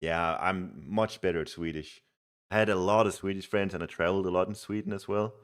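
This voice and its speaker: Low-voiced man streaming a strategy game. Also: steady tone, a little fast, clean tone. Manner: chatty, reads chat aloud, laughs easily. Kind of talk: casual live game commentary.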